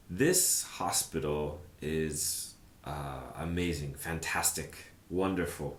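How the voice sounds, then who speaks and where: Deep-voiced man teaching casually, echoey room. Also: unhurried. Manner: relaxed, chatty, thinks aloud with many fillers. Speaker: language teacher. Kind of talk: casual explanatory lesson.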